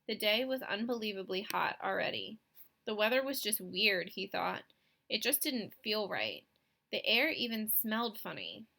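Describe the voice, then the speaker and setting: A woman narrating a children's novel in a clear, expressive reading voice. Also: mid-range voice, moderate pace. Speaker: audiobook reader. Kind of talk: scripted storybook narration.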